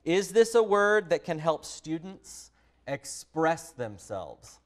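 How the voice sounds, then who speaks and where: Texan male teacher trainer, slightly high voice, friendly and direct with the room. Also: big pitch swings, takes it slowly. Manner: friendly, direct, addresses listeners as a group. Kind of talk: professional development lesson.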